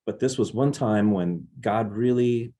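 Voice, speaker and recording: A man's voice: lowish voice, measured pace, warm tone. A man, a drummer being interviewed, earnestly telling reflective stories about his music career. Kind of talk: casual interview storytelling.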